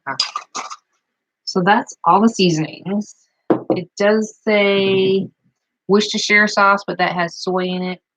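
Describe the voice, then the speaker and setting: A woman's voice: medium pitch, steady tone, takes it slowly, long pauses, fairly bright tone, no echo, low-quality recording. A woman chatting casually as she shows a recipe at her farmhouse table, rambling with plenty of fillers. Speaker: home cook vlogger. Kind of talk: casual cooking demonstration.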